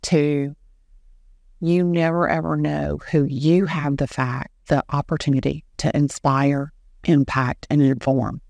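A middle-aged woman, an animated storyteller who acts out the dialogue she quotes. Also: low-pitched, a little slow, creaky, no room sound, clean studio sound. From Southern US. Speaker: guest, real estate agent. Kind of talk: storytelling in an interview.

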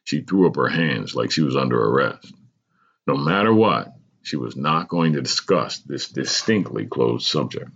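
A man, a podcast host, reading his personal memoir aloud in a measured, deliberate way. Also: very deep voice, animated, fairly bright tone, slightly rough, dull audio.

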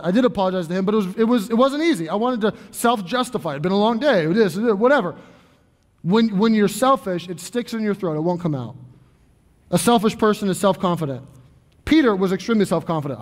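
A man in his thirties preaches from the pulpit with a notably high voice. He talks earnestly and conversationally, stumbling and restarting phrases. A long reverb trails behind him in the church. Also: lively intonation, fairly quick. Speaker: pastor. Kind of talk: sermon. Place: church sanctuary.

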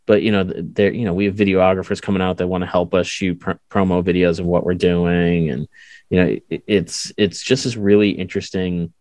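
A man's voice: deep voice, level tone, brisk, darkish tone, dry recording. A man hosting an interview, talking casually with many fillers and restarts. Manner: rambling, filler-heavy speech.

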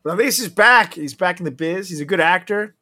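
A man's voice: high voice, lively intonation, fairly quick, pushed and bright. A man co-hosting a casual podcast chat, joking crudely and laughing often. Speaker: podcast co-host.

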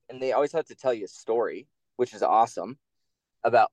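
A man, a former campaign staffer, telling stories in a casual interview in a blunt, profane and animated way. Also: medium pitch, fast talker, no echo.

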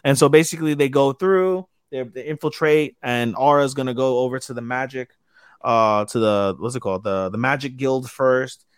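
The male co-host here has a smooth, medium-pitched voice and a moderate pace, captured in clean studio sound without room reverb. He chats casually through an episode recap, rambling and profane, often dropping names mid-sentence as he searches for them.

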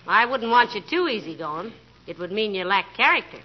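An actress playing a patient middle-aged wife in a 1940s radio comedy, scolding gently and teasing dryly. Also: female voice, mid-range voice, very animated, fairly quick. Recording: muffled 1940s radio broadcast with clear hiss.

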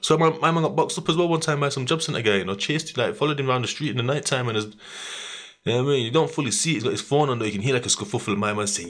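A young man, hosting a podcast and telling a story in slangy, animated casual chat, laughing often and acting out what people said. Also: mid-range voice, fast talker. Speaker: podcast host.

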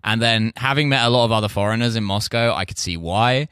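A man's voice: lowish voice, quick pace, fairly bright tone, smooth, no echo, clean studio sound. An English man, a comedian guest, telling stories in casual podcast chat, rambling and swearing freely while acting out quotes.

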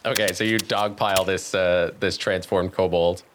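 A man's voice: low-pitched, steady tone, normal speed, noisy background. A man narrating as game master, describing scenes loosely with many fillers.

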